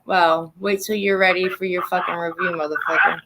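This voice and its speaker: A woman host venting in a blunt, profane, indignant way. Her voice sits a little low. Steady noise runs behind her. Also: a little fast, hardly any pauses. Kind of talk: casual venting.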